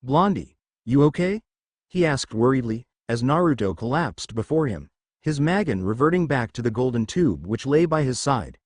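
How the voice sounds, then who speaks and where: A man's voice: mid-range voice, lively intonation, moderate pace, darkish tone, no room sound. Man narrating a story in a dry sound. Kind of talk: storybook reading of fan fiction.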